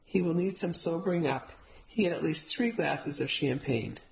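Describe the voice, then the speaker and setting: A woman voicing a kind, wise elderly grandmother, who talks formally, gently and firmly. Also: sits low, moderate pace, gravelly, slight background noise, low-quality recording. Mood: practical. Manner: formal, no contractions, gentle and firm.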